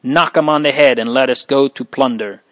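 A man's voice: medium pitch, measured pace, fairly bright tone, lightly acted. A man voicing a brutal soldier captain with a coarse, mocking tone.

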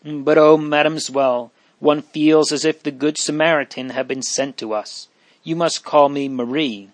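A man's voice: fairly high pitch, steady tone, moderate pace, no echo, close to an everyday voice. A man voicing a grieving young French girl fugitive, earnest and tearful, in a dry recording. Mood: sorrowful.

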